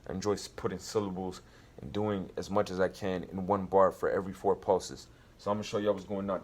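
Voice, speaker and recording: A man teaching rap writing in a casual way, explaining slowly and counting out beats and syllables. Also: deep voice, flat delivery, darkish tone, a little hiss or hum. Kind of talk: casual instructional talk.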